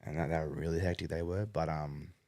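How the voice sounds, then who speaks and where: A man's voice: a bass voice, steady tone, brisk, vocal fry, a little mellow. A man chatting casually as a podcast guest, rambling with lots of fillers and casual swearing. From Australia. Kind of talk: casual chat.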